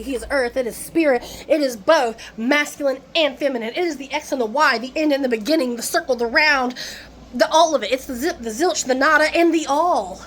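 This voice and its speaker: A woman talks to her own camera at home, ranting and rambling with plenty of swearing. Her voice sits high, and she breaks off to laugh between her thoughts. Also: fairly bright tone, a little hiss or hum. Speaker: vlogger. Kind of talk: casual rant to camera. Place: at home, indoors.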